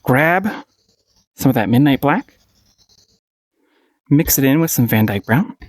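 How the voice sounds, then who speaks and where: Paint-along instructor, casual tutorial, playful, encouraging, giggly, lively pitch, dry sound. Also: unhurried, no room sound. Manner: playful and encouraging, with frequent giggles and repeated phrases.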